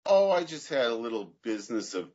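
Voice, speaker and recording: A man co-hosting a podcast in casual chat, telling stories in a dry, dark, matter-of-fact way. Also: mid-range voice, big pitch swings, fairly quick, lo-fi sound. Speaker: podcast co-host.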